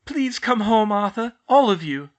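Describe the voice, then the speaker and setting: A man voicing a frantic, motherly middle-aged witch with a shrill, pleading voice. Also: very animated, unhurried. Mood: stern.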